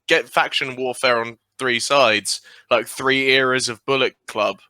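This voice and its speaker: A man with a very bright, sharp voice, recorded close on a completely dry mic. He jumps in with quick, eager additions while co-hosting a casual podcast. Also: medium pitch, steady tone, clean tone, no room sound. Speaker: podcast co-host.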